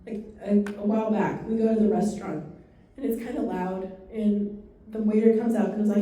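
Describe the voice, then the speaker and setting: A woman with a mid-range voice gives a training talk on dementia care to a live audience, speaking fast and animatedly in a dark, mellow tone. She tells stories full of quick asides, heard from a distance in a very echoey room.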